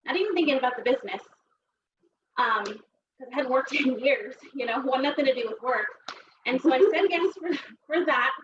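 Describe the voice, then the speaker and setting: A woman speaks to a seminar crowd, rambling through her story with plenty of fillers. Her voice sits a little high. She is recorded from across the room, and the sound comes through muffled under steady background noise. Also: normal speed, reverberant. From Texas. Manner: chatty, rambling, many fillers. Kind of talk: personal story talk. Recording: distant, dull, noisy room recording.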